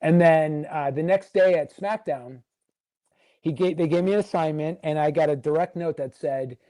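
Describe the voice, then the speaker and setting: Man, higher pitch, rambling storyteller, dry close sound. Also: normal speed, mellow, no room sound. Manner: rambling, filler-heavy, acts out quotes. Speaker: podcast guest, former wrestling writer. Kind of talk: casual storytelling interview.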